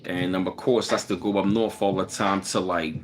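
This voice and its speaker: A relaxed man with a Baltimore accent and a fairly low voice, talking loosely on a live stream. He greets his chat one by one in an easy, unhurried way. Music plays clearly behind him. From Baltimore, Maryland.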